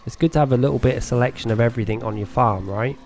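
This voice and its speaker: A man's voice: mid-range voice, rapid-fire, a little mellow, soft background music. A man with a Norfolk English accent chatting casually with viewers while streaming a farming game, chatty and self-deprecating, laughing often. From England.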